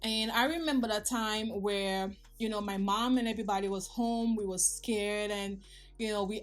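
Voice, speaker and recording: Woman in her thirties confiding to viewers. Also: medium pitch. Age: 30s. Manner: emotional, confiding, talks to viewers directly. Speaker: vlogger. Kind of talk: personal life update vlog.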